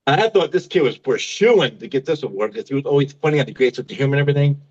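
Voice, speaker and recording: A man's voice: mid-range voice, animated, very fast, darkish tone, husky, muffled recording. A man in his fifties doing a stand-up comedy set, mocking himself and laughing at his own jokes. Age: 50s.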